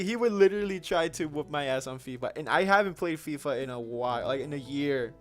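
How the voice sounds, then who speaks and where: A man's voice: on the high side, a little fast, fairly bright tone, soft background music. Chatty young man on a gaming livestream. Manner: chatty, frequent restarts and laughs, slangy. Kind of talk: casual livestream chat answering viewer questions.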